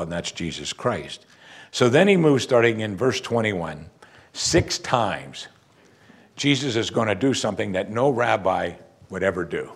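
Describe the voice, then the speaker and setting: A pastor preaching a sermon with emphatic, lively delivery and frequent rhetorical questions. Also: male voice, mid-range voice, slightly rough.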